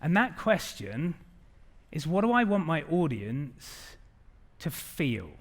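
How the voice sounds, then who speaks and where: A middle-aged man giving an animated keynote talk to a live audience, acting out the quotes in his stories. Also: fairly high pitch, takes it slowly. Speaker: conference speaker.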